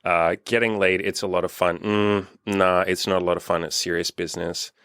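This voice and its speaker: Young guy dating coach, deep voice, swears a lot, dry close sound. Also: little pitch movement, normal speed, fairly bright tone, clear, resonant tone, no echo. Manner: blunt, swears freely, acts out quotes in a raised voice. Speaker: dating coach and channel host. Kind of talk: casual podcast chat.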